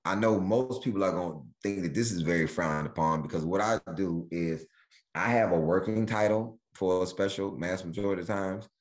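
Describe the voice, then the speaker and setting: A man, a stand-up comedian chatting as a podcast guest and acting out bits with sudden jumps in pitch. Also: fairly quick. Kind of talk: animated storytelling chat.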